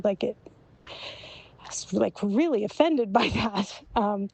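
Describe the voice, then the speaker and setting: A woman recording a casual, confessional voice memo to a friend, reflective and halting, with many fillers and soft laughs, into a phone. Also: medium pitch, vocal fry. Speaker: author and guest in voice memo exchange.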